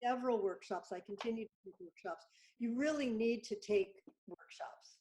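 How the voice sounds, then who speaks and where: A woman's voice: a little high, moderate pace, warm tone, a little hiss or hum. A woman voiceover artist chatting as a guest on a video-call interview, enthusiastic and talkative.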